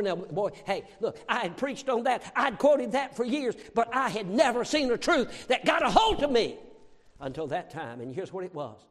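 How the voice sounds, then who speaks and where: A man preaching a sermon, impassioned and repetitive, swinging from loud outbursts to hushed storytelling. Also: high-pitched, animated, brisk. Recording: long hall reverb.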